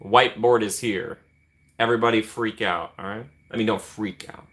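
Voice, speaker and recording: A young man with a Midwestern American accent hosts a livestream, chatting playfully with viewers, reading and answering chat, and greeting people by name. His voice is fairly low, a bit bright, steady in tone, and at a normal speed.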